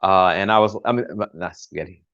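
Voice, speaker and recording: A man's voice: sits low, a little fast, a bit bright, muffled recording. Chatty older man cooking on a livestream. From United States. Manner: chatty, rambling, self-correcting with jokes. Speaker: home cook hosting a livestream. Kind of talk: casual cooking demonstration. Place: home kitchen.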